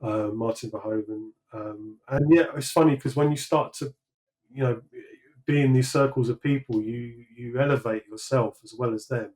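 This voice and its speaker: A man's voice: medium pitch, normal speed, darkish tone, low-quality recording. A British man, likely in his thirties, talking through his career in a casual interview, rambling with many fillers and restarts. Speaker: sculptor guest.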